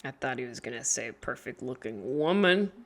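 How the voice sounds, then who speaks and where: A woman in her thirties, a comedian telling a casual comic monologue, animated and swinging between mumbled asides and shouted bits. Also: a bass voice, moderate pace. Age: 30s. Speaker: comedian, podcast host.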